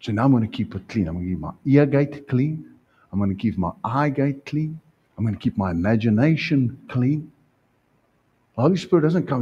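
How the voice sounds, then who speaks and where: Brief: male pastor, animated sermon, husky tone, muffled church recording. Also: medium pitch, moderate pace. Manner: animated, acts out scenes, rhetorical questions.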